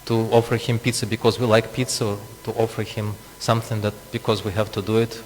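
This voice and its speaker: A man's voice: on the low side, level tone, fairly quick. A man preaching a scripture class, explaining with asides and frequent chuckles. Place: temple hall. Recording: long reverb, faint hum.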